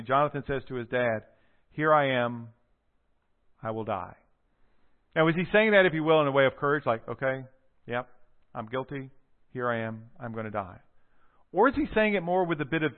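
Animated male preacher on tinny audio. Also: on the high side. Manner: animated storytelling, voices the figures' quotes. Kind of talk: sermon.

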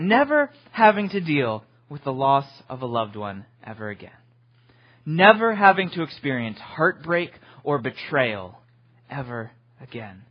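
A man preaching an earnest sermon who swings from hushed to emphatic and repeats words as he builds. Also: medium pitch, sing-song, a little slow, slightly rough, muffled recording. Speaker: pastor.

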